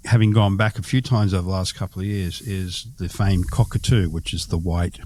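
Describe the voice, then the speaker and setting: A man with a very low, deep voice and an Australian accent, chatting casually as the host. He drifts through stories in a relaxed, rambling way, pausing for fillers as he goes. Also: slight background noise. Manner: rambling, easygoing storytelling with fillers. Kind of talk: casual conversation about travel.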